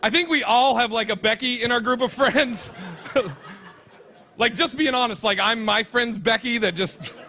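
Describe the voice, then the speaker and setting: A male stand-up comedian telling a story on stage in a brash, fast-moving way. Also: very high voice, pushed and bright.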